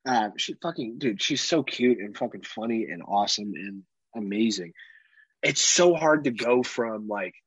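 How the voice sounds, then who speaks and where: A husky-voiced man in his thirties tells animated, profanity-laced stories about his toddler as a podcast co-host. The sound is dry and a little dull, like a lo-fi home podcast mic with no room around it. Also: medium pitch, dry recording. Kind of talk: casual chat.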